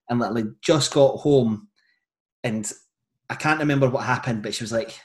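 A Scottish man hosting a casual podcast, asking questions and sharing memories in a relaxed, chatty way. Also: mid-range voice, quick pace. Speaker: podcast host.

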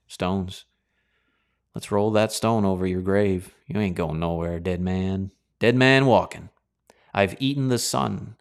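A man's voice: low voice, clean tone. A man preaching a sermon in a dramatic, colloquial way, full of rhetorical questions.

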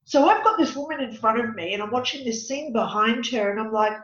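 A woman working as a psychic medium and counsellor, telling a story in an animated, dramatic way during an interview. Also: a little high, brisk. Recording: echoey, dull lo-fi room.

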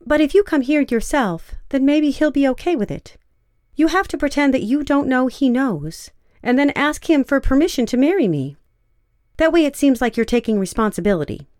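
A woman voicing a desperate young woman who pleads in a soft, hushed way. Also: high voice, expressive, moderate pace, dry recording, clean studio sound, pitched above the performer's own voice. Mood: urgent.

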